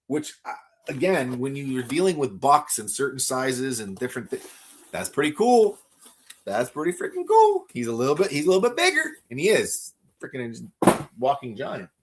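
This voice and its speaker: A man hosting a live toy unboxing stream, gushing with excitement and often stumbling over his words as he reads viewer comments. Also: mid-range voice, slight background noise. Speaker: toy collector livestream host.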